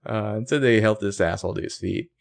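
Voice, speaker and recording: A man's voice: on the low side, fast, gravelly. A man co-hosting a podcast, recapping a TV episode in laid-back chat, swearing freely and saying "like" a lot. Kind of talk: casual chat.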